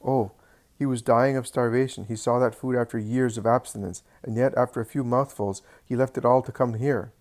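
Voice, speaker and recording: A man's voice: medium pitch, steady tone, fairly quick, a little mellow, close to an everyday voice. A man voicing a humble, devoted male beggar who eagerly tells how he helps a sick friend. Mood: earnest. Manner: earnest, eager storytelling.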